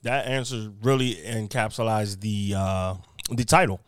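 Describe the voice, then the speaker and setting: A man's voice: fairly low pitch, fairly even intonation, a little slow, clear, resonant tone, no room sound, clean studio sound. A man hosting a casual podcast interview, asking long, thoughtful, searching questions. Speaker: podcast host.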